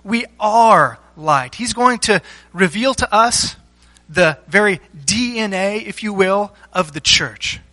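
Bright-voiced preacher giving a measured sermon. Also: male voice, high-pitched, poor audio. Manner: structured teaching with rhetorical questions and deliberate pauses. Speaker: pastor.

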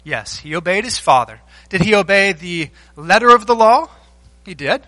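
A man's voice: sits high, lively intonation, normal speed, bright, forceful tone, dry recording. A man preaching a sermon, telling a story with many fillers and restarts and asking the congregation questions. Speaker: pastor.

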